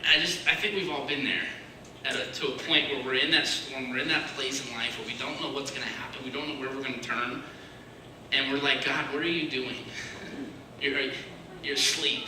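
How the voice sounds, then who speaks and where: A man giving a casual, searching sermon, dropping to a hushed voice when he voices other people's prayers. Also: mid-range voice, fairly even intonation, fairly quick. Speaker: preacher. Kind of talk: conversational sermon. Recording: echoey room, mic far off, faint hiss.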